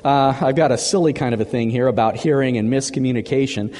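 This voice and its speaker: A man preaching a sermon as the pastor, chatty and animated, often repeating words as he gathers his thoughts. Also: mid-range voice, fast talker, long reverb tail.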